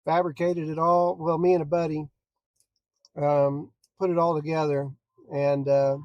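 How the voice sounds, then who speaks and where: Easygoing storm-chasing man, slightly high voice. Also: little pitch movement, measured pace, dry recording, lo-fi sound. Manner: easygoing, chatty, talks to viewers. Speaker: storm chaser and photographer. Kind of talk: casual live-stream chat. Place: outdoors by the roadside on open plains.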